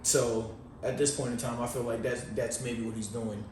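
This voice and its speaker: In laid-back, slangy, rambling chat, the man co-hosts a podcast with a mid-range, darkish voice that barely moves in pitch, at a moderate pace. The distant, off-mic recording has an echoey room, faint noise, and faint music behind him.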